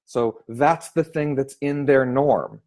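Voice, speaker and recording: Male sales trainer, lively, acts out callers mid-talk. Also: medium pitch, slow pace. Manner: animated, acts out phone voices. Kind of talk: spoken training tip.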